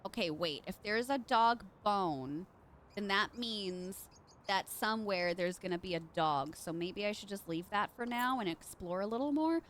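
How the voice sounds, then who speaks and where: Bubbly, animated woman streamer. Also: medium pitch, normal speed, slight background noise. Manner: bubbly, chatty, reads chat aloud. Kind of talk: live gameplay commentary.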